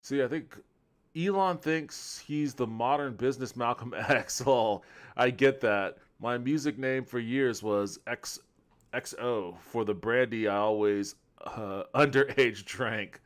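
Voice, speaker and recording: A man's voice: medium pitch, slow. A man hosting a stream, giving casual, blunt and joking reaction commentary. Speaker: stream host.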